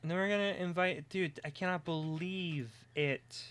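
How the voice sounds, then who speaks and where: A streamer chatting casually on a live stream, excitable and rambling, drifting into quiet mumbling while setting things up. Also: medium pitch, moderate pace.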